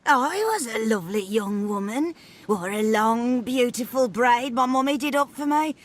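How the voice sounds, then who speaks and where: A woman's voice: a little high, normal speed, lightly acted. A woman voicing a suspicious, half-mad old grandmother in a video game, rambling and scolding. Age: older. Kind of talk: video game cutscene acting.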